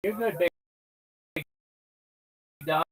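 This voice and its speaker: Slow-talking profane livestream host, a man. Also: high-pitched, a bit bright, husky, low-quality recording. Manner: profane, slangy, rambling. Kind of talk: casual livestream chat.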